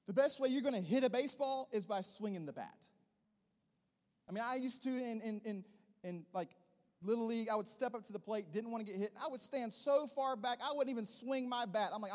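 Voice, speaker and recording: A man preaching a sermon in a high, light voice. He pushes up into loud, emphatic bursts, then settles into quieter, gentler teaching. The sound carries the long reverb of a large hall. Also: a little fast. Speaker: pastor.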